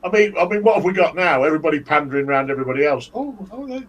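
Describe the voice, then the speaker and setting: A man's voice: fairly high pitch, expressive, racing, a bit bright. Dry-humoured man chatting. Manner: dry, wry storyteller. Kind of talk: casual chat.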